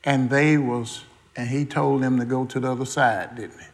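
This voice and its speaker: A man's voice: mid-range voice, fairly even intonation, moderate pace. A man preaching a sermon, quizzing the congregation with questions and folksy asides, in everyday dialect grammar.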